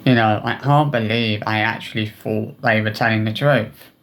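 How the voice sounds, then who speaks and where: Speaking on the low side with a bit of brightness and fairly even intonation, a male vlogger talks to his audience in a personal video. He sounds upset and full of remorse, stumbling through restarts and filler words.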